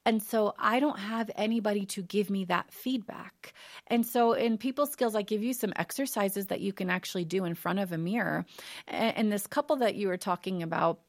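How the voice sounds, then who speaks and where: Measured woman counselor explaining. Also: medium pitch. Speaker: counselor and author guest. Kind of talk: conversational interview.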